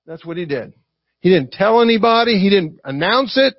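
A man with a Southern US accent preaching a lively sermon, acting out quotes and asking the congregation for responses. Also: sits high, moderate pace, dry recording. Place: church. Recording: dry, dull lo-fi recording.

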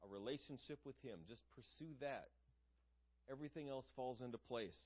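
A man's voice: medium pitch, a little fast, highs cut off. A man preaching a sermon in an earnest, conversational way, asking his listeners questions.

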